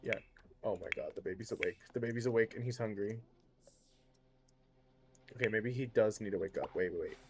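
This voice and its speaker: Very low-voiced woman streamer. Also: a little fast, pauses often, background noise. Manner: chatty, reacts aloud and repeats phrases. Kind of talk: casual gameplay commentary.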